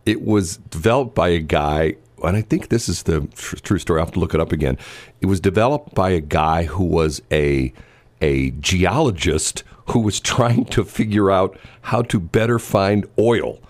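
A man's voice: deep voice, normal speed, no room sound. A man hosting a radio morning show in a studio, chatting casually and rambling with lots of restarts and fillers. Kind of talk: casual on-air banter.

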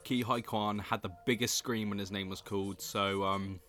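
Excitable man reacting live. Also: fairly low pitch, normal speed, hardly any pauses. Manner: opinionated, excitable, swings to loud outbursts. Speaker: awards commentator.

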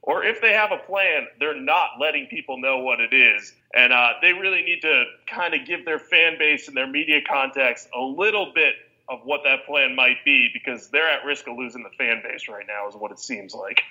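A man with a very bright, sharp-edged voice co-hosts a sports podcast. He lays out his points steadily in long, connected sentences. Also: medium pitch, moderate pace, hardly any pauses, poor audio. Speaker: podcast co-host. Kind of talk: casual sports podcast chat.

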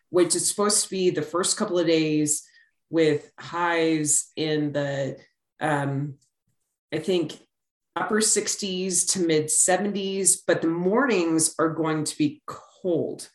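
A woman's voice: sits low, echoey room. A middle-aged woman co-hosting a sports podcast, chatting casually with a rambling, filler-heavy way of talking. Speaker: podcast co-host.

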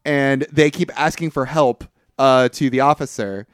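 A man co-hosting a podcast, casually recapping a film's plot, chatty and quick to laugh. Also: mid-range voice, clean tone, dry recording, studio quality. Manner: laughs often, chatty and loose. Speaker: podcast co-host. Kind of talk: casual movie recap chat.

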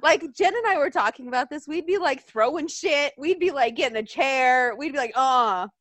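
A woman chatting casually as a podcast co-host, animated, swearing freely and acting out what others said. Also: sits high, moderate pace, dry recording. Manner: animated, swears a lot, acts out quotes. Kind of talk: casual wrestling chat.

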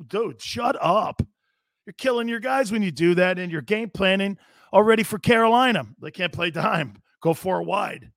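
A man's voice: high voice, normal speed, gravelly, a bit bright, dry recording, clean studio sound. A man hosting a live football talk show, blunt and sarcastic, mocking coach-speak and swearing casually. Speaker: sports talk show host. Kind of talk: live sports talk monologue.

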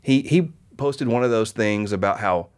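A middle-aged man from the Midwest talks casually on his podcast, his voice fairly low and pitched a little under the usual. He tells stories with energy and slips into little voices for the people in them. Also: normal speed. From American Midwest. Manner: animated storyteller, voices people in anecdotes. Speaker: podcast host. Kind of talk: casual conversation.

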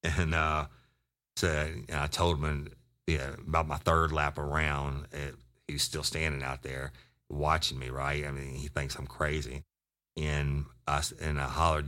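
A man's voice: a bass voice, fairly even intonation, moderate pace, fairly bright tone. A middle-aged man, a former detective, telling a profane, rambling story with many restarts. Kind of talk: casual storytelling.

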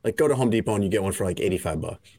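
A man's voice: fairly low pitch, animated, rapid-fire, warm tone, no room sound, clean studio sound. A man hosting a podcast in casual banter, rambling and joking with lots of "like" fillers. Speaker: podcast host.

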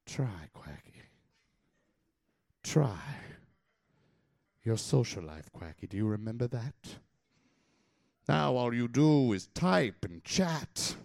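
A man performing a comic slam poem live, theatrical, swinging from loud outbursts to low mutters. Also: lively intonation, takes it slowly, gravelly, long pauses. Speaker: slam poet.

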